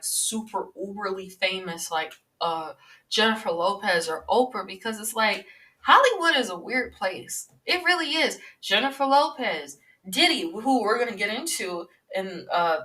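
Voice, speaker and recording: A woman in her twenties chats her way through celebrity news on her podcast, rambling loosely and filling pauses with plenty of ums. Her voice is bright and sharp. She sits a little back from the microphone, so the sound is slightly distant. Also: mid-range voice. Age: 20s. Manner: rambling, chatty, many filler sounds. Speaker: podcast host. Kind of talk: casual celebrity-news monologue.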